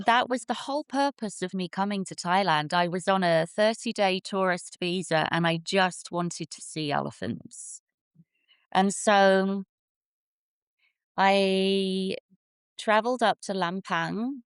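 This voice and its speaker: In a clean recording with no room sound, a woman in her forties from England speaks at a medium pitch and a slightly slow pace. She founded a sanctuary, and as an interview guest she tells its origin story earnestly and vividly.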